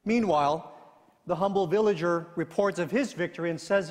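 A male pastor preaching in a measured, deliberate way, reading scripture and telling a story. His voice sits a little high for a man. A long reverb trails every phrase, as in a large church. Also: lively intonation, a little hiss or hum.

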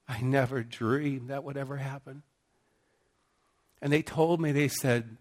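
A middle-aged man preaching, telling a story with emphatic swings between loud bursts and hushed, slow passages. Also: medium pitch, steady tone. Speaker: pastor. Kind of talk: sermon storytelling.

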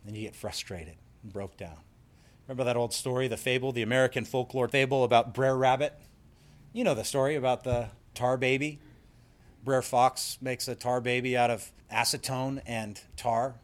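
A man preaching a sermon in an earnest, emphatic way, explaining scripture and telling stories. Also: mid-range voice. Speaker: pastor.

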